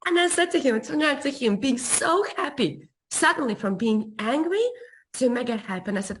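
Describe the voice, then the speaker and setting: A woman coach recounting a personal story to an interviewer with expressive, emphatic repetition. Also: on the high side, normal speed, breathy edge. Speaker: guest relationship coach.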